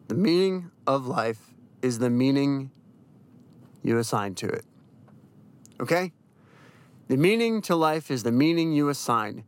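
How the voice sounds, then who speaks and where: A young man hosting a podcast, giving a blunt, profane motivational monologue that keeps hammering the same points over and over. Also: medium pitch. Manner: emphatic, repeats key phrases. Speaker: podcast host.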